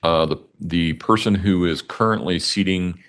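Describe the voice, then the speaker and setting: A man presiding as judge in court, speaking in a measured, halting way with fillers. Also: low voice, fairly bright tone. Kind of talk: courtroom proceedings.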